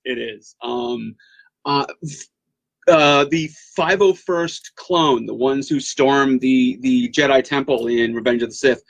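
A man co-hosting a gaming podcast, chatting casually and hesitantly, with many uh's and repeated words. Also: medium pitch. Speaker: podcast co-host. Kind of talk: casual chat.

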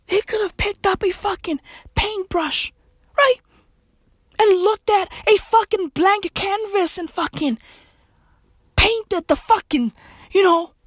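Male comic, high voice that leaps all over, swears constantly, unhurried rant. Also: breathy edge, no room sound, studio quality. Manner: animated, swearing heavily, slang-filled, jumps between loud and soft. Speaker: comedian. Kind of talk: profane comedic rant.

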